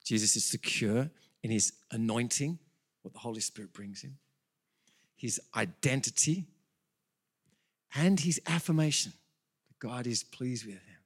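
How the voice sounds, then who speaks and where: A man preaching a sermon as pastor, animated and building to excited peaks, with quick self-corrections. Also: mid-range voice, husky.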